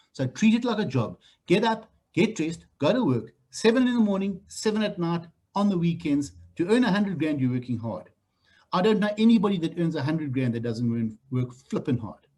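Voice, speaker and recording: South African trainer, middle-aged man, husky and fairly high, blunt and teasing delivery for group training. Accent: South African English. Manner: blunt, animated, teasing the room. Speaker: real estate trainer. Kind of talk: training talk to new agents.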